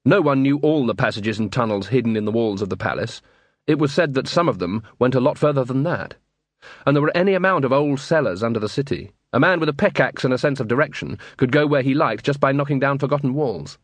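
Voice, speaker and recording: A man narrating a comic fantasy audiobook in an expressive storytelling voice. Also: mid-range voice, fast, no room sound. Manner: animated storytelling with many character voices.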